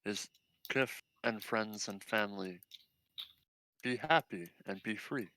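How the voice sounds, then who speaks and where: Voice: medium pitch, slow pace, sharp tone, poor audio. A player voicing a humble male kobold fighter who talks in broken third-person grammar. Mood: earnest.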